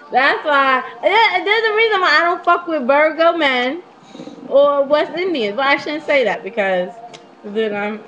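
A young woman telling a story casually to her webcam at home, brash, profane and animated as she gossips. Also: high voice, unhurried, long pauses, highs cut off, faint music behind. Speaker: vlogger.

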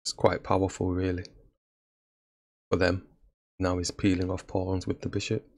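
A man's voice: low-pitched, monotone, moderate pace, gravelly. A man giving casual commentary on his own chess game, laughing at his own blunders. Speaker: chess streamer.

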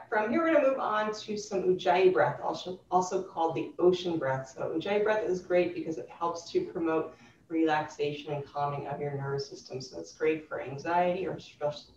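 A woman teaching a gentle chair yoga class, cueing breaths in a calm, instructive way. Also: on the low side, slight background noise. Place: yoga studio room, recorded live. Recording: roomy, distant, dull live class recording.

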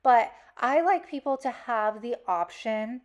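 A woman's voice: fairly high pitch, lively intonation, measured pace. A young woman hosting a DIY craft channel, narrating her tutorial in a chatty way and talking straight to her viewers. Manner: chatty, addresses viewers directly. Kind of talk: casual craft tutorial voice-over.

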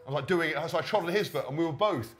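Rapid, animated man telling stories. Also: fairly high pitch. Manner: animated, swearing, acts out quotes. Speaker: podcast co-host. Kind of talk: storytelling on a live show. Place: stage in front of a live audience.

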